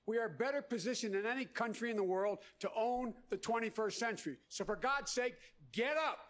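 A man giving a forceful political speech in a raised, declaiming voice. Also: extremely high pitch, brisk.

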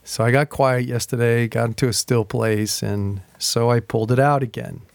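A man preaching as a pastor, telling a personal story in a slow, reflective way and reading scripture aloud slowly. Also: mid-range voice, fairly even intonation, vocal fry, no room sound. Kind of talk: sermon.

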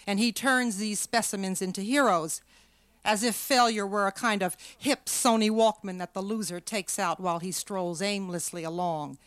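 Woman giving a measured literary reading. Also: mid-range voice, steady tone, a bit bright, clean tone, no room sound. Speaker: author reading her work.

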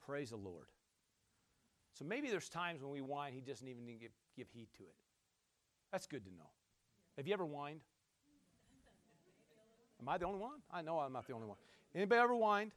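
A man preaching a sermon in a folksy, conversational way, calling to his listeners and swinging from shouts down to quiet asides. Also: very animated, moderate pace, long pauses. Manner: emphatic call-and-response preaching, shouting at peaks, then dropping low.

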